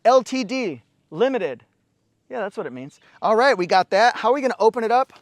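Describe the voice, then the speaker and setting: Guy with a pretty high voice hyping up a car walkaround, dry close sound. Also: brisk, no echo. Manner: excitable, exclaims often. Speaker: car reviewer.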